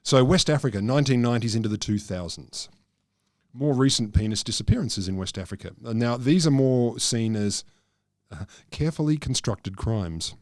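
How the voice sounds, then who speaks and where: A middle-aged man recounts odd history on a podcast in a dry, deadpan way. His voice sits at an ordinary middle pitch, and the sound is close and dry, with no room around it. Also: normal speed, no room sound. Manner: deadpan, dry jokey storytelling. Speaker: podcast co-host telling the history. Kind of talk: casual comedic science chat.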